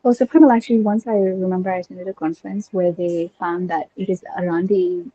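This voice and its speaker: A woman's voice: on the low side, steady tone, fast talker, dark tone, lo-fi sound. A young woman whose first language is Urdu, talking eagerly in casual conversation and thinking aloud with many fillers and restarts. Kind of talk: casual conversation about linguistics.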